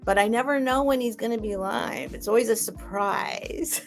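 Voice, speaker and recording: A woman's voice: a little high, lively intonation, normal speed, a bit bright, soft background music. A woman hosting a live sale stream, rambling in a chatty way and gushing thanks at her viewers.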